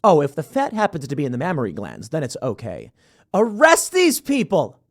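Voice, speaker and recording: A male host delivering political commentary in a fairly high voice that swings widely in pitch. He speaks emphatically, jabbing in sarcastic asides. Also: wildly swooping pitch, fairly quick, gravelly.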